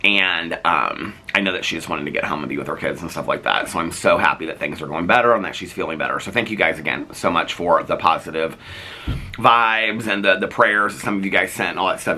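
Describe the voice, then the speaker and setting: A man's voice: low voice, fast, bright, forceful tone. A man vlogging to camera in casual chat, rambling along with plenty of fillers and restarts. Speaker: daily vlogger.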